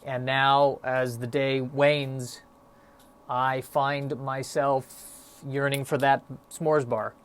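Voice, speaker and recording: A man hosts a solo podcast, musing in a rambling, self-deprecating, stop-start way with frequent fillers while a bit out of breath. His mid-range voice barely moves in pitch, and he speaks very slowly and smoothly.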